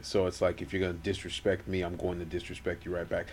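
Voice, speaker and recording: Low-voiced relaxed male co-host. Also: quick pace, a little hiss or hum. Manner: relaxed, laughs often, reflective opinions. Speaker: podcast co-host. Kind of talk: casual chat.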